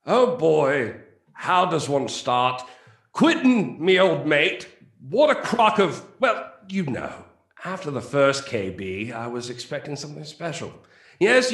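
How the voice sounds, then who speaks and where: A man's voice: fairly high pitch, fairly bright tone, reverberant, heavily acted. A man voicing an indignant, pompous male film critic in a put-on "professional" accent, ranting in exasperation.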